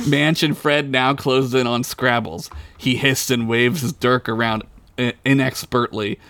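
A man's voice: mid-range voice, steady tone, measured pace, a bit bright. Man reading a playful story aloud. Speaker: podcast host and storyteller.

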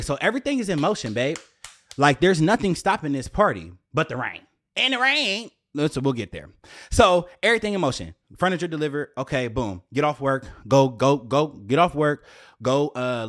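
Animated young man with lively pitch. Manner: animated, jumps into high exclaiming voice; profane, slangy, addresses viewers directly. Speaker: vlogger telling a story. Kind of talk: casual storytime monologue.

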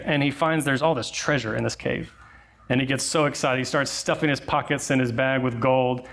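A man giving a sermon in a conversational way, telling a story with fillers and asides. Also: fairly high pitch. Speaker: pastor.

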